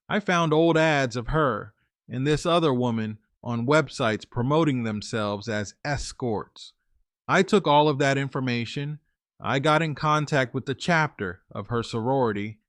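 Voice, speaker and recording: A man's voice: medium pitch, no echo, studio quality. Man narrating a story, conversational. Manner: conversational, plain-spoken, with fillers and restarts. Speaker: story narrator and channel host. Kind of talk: first-person story narration and casual commentary.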